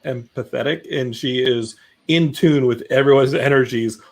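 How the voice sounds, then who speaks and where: A man's voice: mid-range voice, normal speed, gravelly. Wisecracking man teasing a co-panelist. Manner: wisecracking, teasing, animated impressions. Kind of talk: casual chat.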